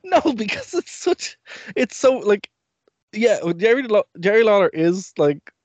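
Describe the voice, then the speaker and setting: A podcast co-host in casual chat, chiming in with quick reactions and agreement. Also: medium pitch, sing-song, a little mellow, dry recording, dull audio. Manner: quick reactive interjections and laughter.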